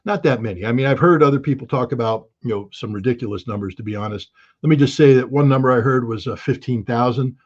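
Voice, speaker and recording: Speaking quickly in a mid-range voice, a male guest analyst comments in an interview, bluntly and emphatically, with occasional bursts of alarm. The audio is muffled and lo-fi.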